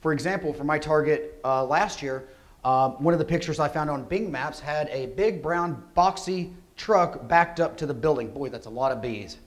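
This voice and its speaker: A man giving a security conference talk, energetic and conversational, often asking rhetorical questions. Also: fairly high pitch, moderate pace. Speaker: conference speaker. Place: conference hall.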